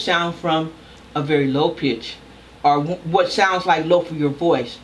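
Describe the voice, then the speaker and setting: An older woman, a communication professor, giving a recorded lecture in a loud, emphatic, deliberate way. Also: low-pitched, fairly even intonation, slight background noise.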